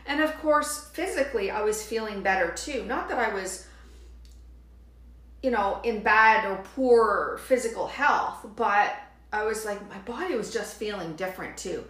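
A woman's voice: medium pitch, a little slow. Woman telling a story in a roomy echo. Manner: animated storytelling, quotes others with "she's like". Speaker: podcast host, yin yoga teacher. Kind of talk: casual storytelling monologue.

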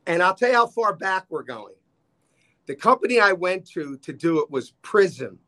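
Speaking at a moderate pace in a high-pitched voice, this podcast guest in his 60s tells stories in a relaxed chat. He is an animated storyteller who performs the lines of the people he quotes.

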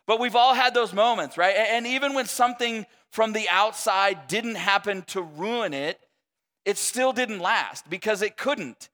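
A man in his thirties preaching a sermon in a relaxed, conversational way, with joking asides and many restarts. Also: high voice, unhurried. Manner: conversational, self-deprecating, jokey asides. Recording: long reverb of a large hall.

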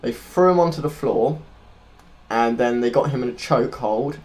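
A man co-hosting a podcast, telling a story unscripted. He talks earnestly and rambles, stopping now and then to hunt for the right word. His pitch sits in the middle. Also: moderate pace. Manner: earnest, loose and rambling, searching for words. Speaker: podcast co-host.

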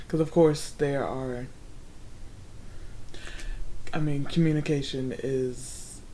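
A woman's voice: a bass voice, a little mellow, slight background noise. A woman co-hosting a casual chat, reflective, often trailing off with fillers.

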